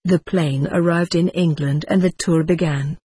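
An older man reading his own book aloud in a measured, wry, dry-humoured way. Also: a little high, steady tone, warm tone, slightly rough. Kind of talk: audiobook narration.

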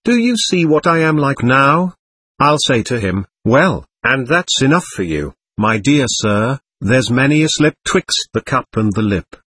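A man's voice: mid-range voice, very animated, a little slow, fairly bright tone, breathy edge, no room sound, heavily acted. Man voicing a proud, volatile young woman. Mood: scornful. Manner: mood swings between tenderness and scorn.

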